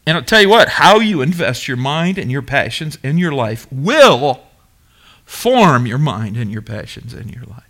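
A man's voice: mid-range voice, unhurried. A middle-aged man preaching a sermon as pastor, emphatic and engaging, questioning his congregation and waiting for answers. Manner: animated, emphatic preaching with call-and-response questions.

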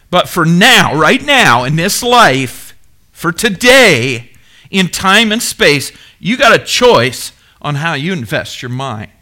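A middle-aged male pastor preaches with a lively, swooping delivery, pushing his congregation with questions and waiting for them to answer. His voice sits a bit high for a man and has a bright, forceful edge. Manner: animated, emphatic preaching with call-and-response questions. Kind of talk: sermon.

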